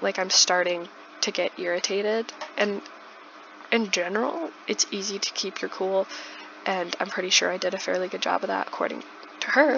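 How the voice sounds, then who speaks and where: A chatty young woman tells a story in a loose, casual way, full of likes and restarts. Her voice is bright with a gravelly fry at the edges. The recording is dull and lo-fi, with a faint hiss behind her. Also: mid-range voice. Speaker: YouTuber. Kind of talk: casual storytime over a speed build.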